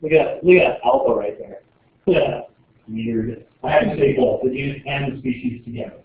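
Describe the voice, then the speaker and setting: A man's voice: mid-range voice, normal speed, slight background noise. Man lecturing in an echoey classroom. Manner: joking, rambling, animated. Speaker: biology teacher. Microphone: far camera. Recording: distant, echoey, tinny classroom camera audio.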